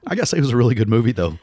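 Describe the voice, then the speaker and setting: A man's voice: mid-range voice, warm tone, breathy edge, dry recording, studio quality. A man in his fifties with a Southern US accent, co-hosting a podcast in casual chat, blunt and self-mocking, swearing freely. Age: 50s. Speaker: podcast co-host.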